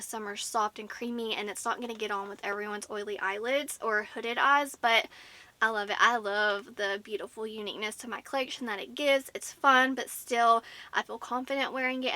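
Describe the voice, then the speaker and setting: A woman's voice: fairly high pitch, sharp tone. A woman with a Southern US accent reviewing makeup in a chatty, gushing way, full of "like" fillers. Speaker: beauty vlogger. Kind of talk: casual product review.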